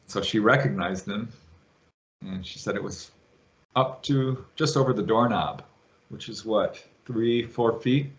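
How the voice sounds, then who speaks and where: A man guest on an interview show, retelling a witness's story with lively quoted voices. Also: on the low side, unhurried, dull audio. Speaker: guest, UFO researcher.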